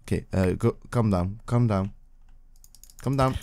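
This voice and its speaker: A man hosting his own gaming video, giving rambling, casual let's-play commentary full of fillers and breaking into excited yelps, talking into a desk microphone as he plays. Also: fairly low pitch, a little slow.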